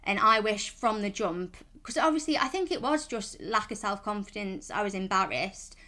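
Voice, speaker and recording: A woman's voice: mid-range voice, animated, normal speed, pushed and bright. Woman, vlogger, casual rambling chat, frank reassuring tone. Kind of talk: casual advice vlog.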